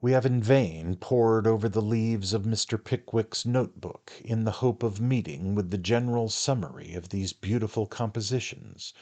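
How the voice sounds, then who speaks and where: A man narrating a classic novel aloud in a measured, formal manner. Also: fairly low pitch, darkish tone. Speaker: audiobook narrator.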